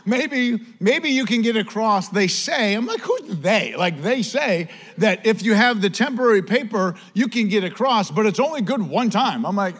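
A male pastor with a Western New York accent, telling a personal story in a casual, animated sermon style. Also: sits high, normal speed, hardly any pauses. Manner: animated, conversational, says "man" often.

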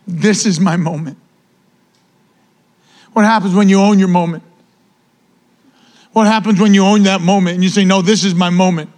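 A man with a high voice preaches to his church, repeating key lines with mounting fervor. At times he drops into a low, hushed intensity before building again. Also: little pitch movement, a little fast, long pauses. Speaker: pastor. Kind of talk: sermon.

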